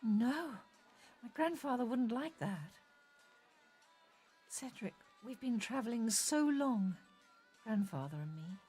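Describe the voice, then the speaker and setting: A woman voicing a soft wistful schoolgirl. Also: a little high, animated, slow pace, long pauses, husky, soft background music, heavily acted. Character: wistful teenage schoolgirl, Susan.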